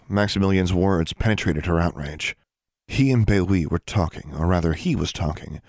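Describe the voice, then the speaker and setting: A man narrating an audiobook in a steady, even storytelling manner. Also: low voice, dry recording, studio quality. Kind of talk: scripted narration.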